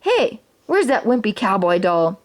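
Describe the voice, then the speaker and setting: A woman reading a children's story aloud, voicing a mean, bratty boy bully who yells gleefully. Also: mid-range voice, very animated, a little slow. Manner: loud, gleeful yelling.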